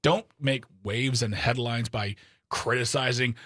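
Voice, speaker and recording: A man's voice: mid-range voice, steady tone, unhurried, a bit bright, breathy edge, dry recording, clean studio sound. A man from Wisconsin co-hosting a political talk show, opinionated and sarcastic, with exasperated outbursts.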